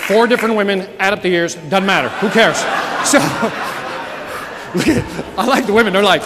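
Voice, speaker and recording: Brief: male motivational speaker, high bright voice, working a crowd in a reverberant hall. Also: normal speed. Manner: lively, joking, calls out to the audience. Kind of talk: energetic keynote speech with storytelling. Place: conference hall before a live audience. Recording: echoey hall, audience, faint background noise.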